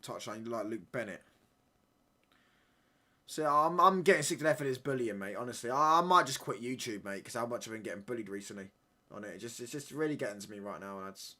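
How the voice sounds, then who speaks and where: A young man live-streaming a football watchalong, reacting excitedly and bantering with viewers in slangy chat. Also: mid-range voice, a little fast.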